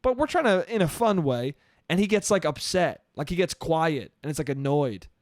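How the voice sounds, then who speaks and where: A man's voice: on the high side, sing-song, moderate pace, dry recording, clean studio sound. A man hosting a solo comedy podcast, telling a story in an exasperated, profane way and saying "dude" often. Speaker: podcast host. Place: New York.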